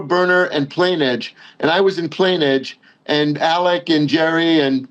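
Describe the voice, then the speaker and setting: A man's voice: high voice, measured pace, lo-fi sound. A man, a guest on a call-in talk show, talking in a hesitant, agreeable way with many fillers. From Long Island, New York. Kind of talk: casual chat. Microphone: phone call.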